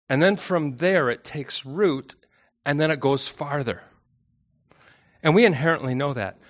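A pastor delivers an expository sermon in a relaxed, conversational way, talking straight to the congregation. His voice sits a little high for a man. The recording is dull and lo-fi. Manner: conversational, anecdotal, addresses the congregation directly. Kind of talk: expository Bible teaching sermon.

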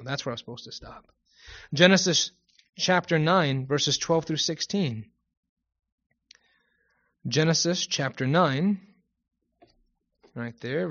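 A man preaching a Bible study sermon, reading King James scripture aloud and then commenting in a conversational way, stopping now and then to correct himself. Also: a little high. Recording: muffled lo-fi recording.

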